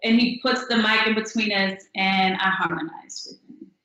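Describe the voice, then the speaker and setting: A young adult woman, a singer-songwriter, telling stories in a casual interview with an upbeat, animated manner and acted-out quotes. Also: mid-range voice, normal speed. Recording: echoey room.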